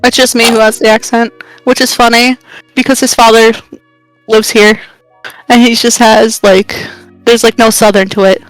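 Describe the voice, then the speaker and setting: A woman's voice: on the high side, level tone, moderate pace, no room sound, faint music behind, rough recording. A woman with a New York accent chatting casually on a stream, chatty and teasing, often laughing. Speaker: streamer and mother.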